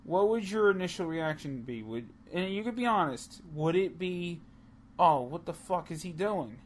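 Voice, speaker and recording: A man's voice: high-pitched, expressive, normal speed, a little hiss or hum. A man co-hosting a casual wrestling podcast, talking heatedly and profanely, rambling with many restarts. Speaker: podcast co-host. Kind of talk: casual chat.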